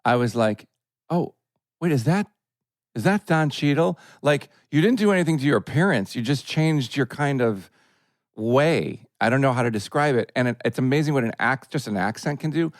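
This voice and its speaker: A man's voice: mid-range voice, expressive, fairly quick, dry recording, studio quality. A middle-aged man co-hosting a podcast, asking long, rambling questions and backing the guest with frequent agreement. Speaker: podcast co-host. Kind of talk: casual chat.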